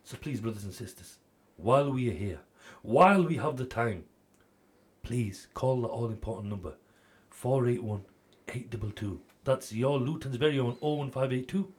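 A man speaking on a TV charity appeal at a mid-range pitch. He tells his story with great passion, sometimes pressing loudly and sometimes dropping to a hush. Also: normal speed. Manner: swings between loud urging and hushed storytelling. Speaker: charity fundraiser. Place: TV studio.

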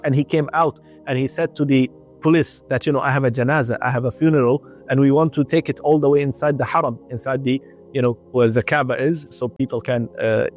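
A man's voice: mid-range voice, a little mellow. A man narrating a devotional story in an earnest way, often repeating phrases for emphasis. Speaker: religious storyteller on radio.

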